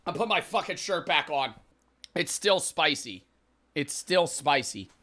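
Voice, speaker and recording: Young man streaming, bright and lively. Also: fairly high pitch, unhurried, no room sound. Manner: profane, exasperated, rambling. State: reeling from spicy food. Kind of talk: casual livestream chat.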